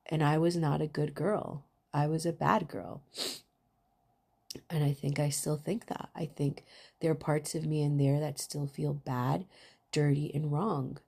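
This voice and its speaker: A woman's voice: sits low, little pitch movement, a little slow, creaky, mellow, breathy edge. Angry, raw-voiced woman venting. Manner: raw, emotional, swearing. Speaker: vlogger. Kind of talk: confessional monologue.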